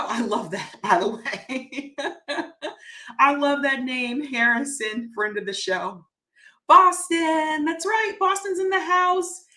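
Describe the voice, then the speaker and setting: A woman's voice: high voice, a bit bright. A woman hosting a casual livestream, upbeat and chatty, reading out viewer comments and greeting people by name, laughing easily. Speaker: livestream show host. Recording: roomy echo on the voice.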